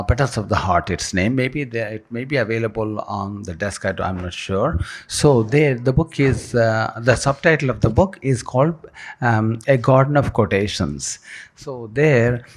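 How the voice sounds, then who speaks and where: Man, mid-pitched voice, keynote speaker who leads the room in call-and-response, halting, restart-heavy delivery. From India. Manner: leads the audience in repeating phrases, with frequent restarts. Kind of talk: inspirational talk to a live audience. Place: university event hall.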